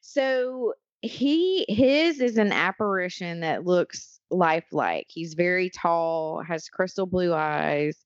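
A woman's voice: lowish voice, takes it slowly, hardly any pauses, no echo, highs cut off. A woman co-hosting a casual chat, telling stories with many fillers and restarts. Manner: rambling storyteller, frequent fillers and restarts.

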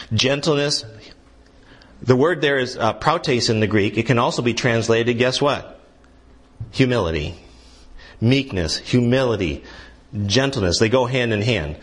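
A man preaching a sermon as a guest pastor, asking the congregation questions and building to emphatic points. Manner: earnest preaching, rising in pitch and intensity when pressing a point.

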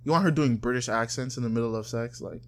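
A man's voice: mid-range voice, quick pace. A young man co-hosting a podcast, talking in a loose, joking and crude way. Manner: joking, crude, animated storyteller. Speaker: podcast co-host. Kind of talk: casual chat.

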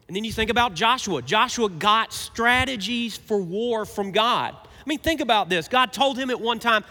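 A man in his thirties delivers an animated sermon in a high, bright voice. His preaching swings from emphatic to hushed, and the sound carries the long reverb of a large hall. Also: moderate pace, hardly any pauses. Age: 30s. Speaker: pastor.

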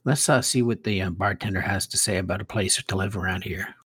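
Husky man, hesitant player. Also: deep voice, brisk, a bit bright. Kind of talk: playing a character in a tabletop game.

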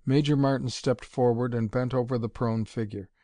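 A man narrating an audiobook in a steady, even reading voice. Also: mid-range voice, moderate pace, no echo. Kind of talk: scripted narration.

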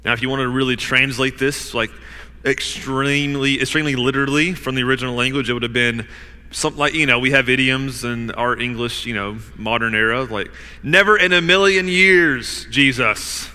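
A man's voice: mid-range voice, steady tone, brisk, sharp tone, smooth, long reverb tail. A man preaching a sermon in an emphatic, conversational way, often saying "like" and "you know".

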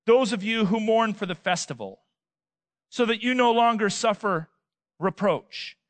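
A man preaching a sermon, emphatic, with rhetorical questions and swings between loud and soft. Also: high-pitched, expressive, measured pace, dry recording. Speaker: pastor.

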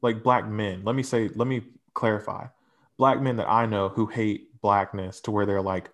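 A man's voice: lowish voice, moderate pace. A young adult man co-hosting a podcast, telling personal stories in a candid, profane, casual way. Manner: candid, profane, animated storyteller. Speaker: podcast co-host.

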